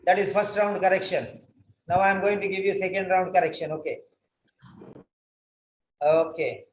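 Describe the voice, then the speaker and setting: Male writing tutor, higher pitch, corrective and repetitive, recorded in a roomy space. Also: moderate pace, a little hiss or hum. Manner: corrective, repeats phrases, spells words out. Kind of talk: correcting a student's letter line by line.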